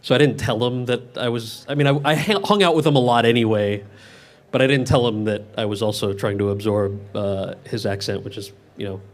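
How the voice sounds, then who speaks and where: Actor at a Q&A: quick delivery, slightly low voice, lots of restarts. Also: male voice. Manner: talks fast with many quick restarts. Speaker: actor answering audience questions. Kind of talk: casual Q&A answers.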